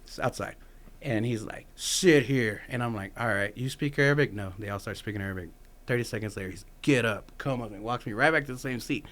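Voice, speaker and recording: A man's voice: medium pitch, a little fast, a bit bright. A young adult man, a military veteran guest on a podcast, telling a loose, profane story in casual chat and acting out what other people said. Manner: loose, profane anecdotes with lots of "like" and acted-out quotes.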